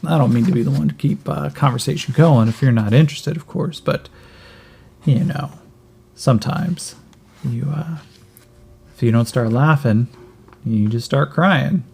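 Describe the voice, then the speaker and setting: A man voicing a skinny, starving cyborg boy who jokes darkly and rambles, in a gravelly voice a little higher than his own. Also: measured pace, pauses often, a little mellow. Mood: joking. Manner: wry, rambling, gallows humor. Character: skinny starving cyborg kid, chatty, joking.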